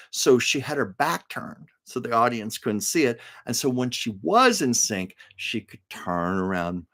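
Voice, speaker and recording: A man's voice: medium pitch, vocal fry. A man hosting a live stream, telling show-business anecdotes in a casual, chatty way, laughing often and stopping to read viewers' comments aloud. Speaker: livestream host. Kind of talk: casual storytelling to a live chat. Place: home livestream.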